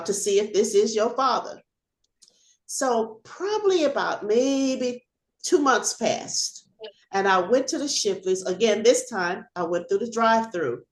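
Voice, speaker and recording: Older woman, ex-cop, animated storyteller, video call audio, echoey room. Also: mid-range voice. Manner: animated storyteller, acts out shouting and laughs. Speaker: retired police officer.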